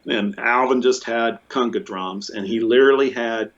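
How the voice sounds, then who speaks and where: A man being interviewed, telling a long story in a casual, rambling way with many restarts, fillers and bursts of excitement. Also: medium pitch, normal speed. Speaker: interview guest, musician. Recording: muffled lo-fi audio.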